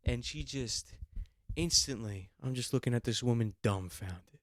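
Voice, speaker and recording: A young man hosting a podcast tells a rambling, profane story with mock outrage, making for comedic storytelling chat. His voice is medium-pitched and unhurried, recorded with clean studio sound and no room sound.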